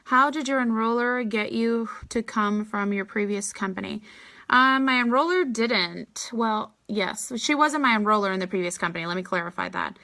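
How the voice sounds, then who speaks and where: A woman's voice: on the high side, bright, forceful tone. A woman answering viewer questions in a casual live Q&A, chatty and blunt, often acting out what she says to people. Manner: chatty and blunt, quick asides, acts out her replies. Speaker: network marketing leader answering viewer questions.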